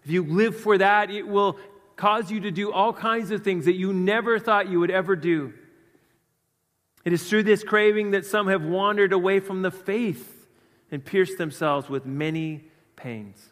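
A man preaching with earnest conviction, his voice sitting a little high for a man. He swings from loud stresses down to quiet asides. The sound rings with a long reverb from the hall around him. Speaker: pastor. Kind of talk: sermon.

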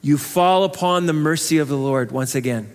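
High-voiced preacher in a reverberant hall. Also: male voice, moderate pace. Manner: earnest, conversational, with rhetorical questions. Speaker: pastor. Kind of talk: expository sermon.

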